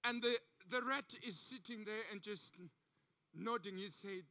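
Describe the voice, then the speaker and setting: A man's voice: high-pitched, unhurried, sharp tone. A man from Africa giving a sermon as a guest preacher, telling stories with emphatic repetition. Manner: emphatic storytelling, repeats phrases. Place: church service.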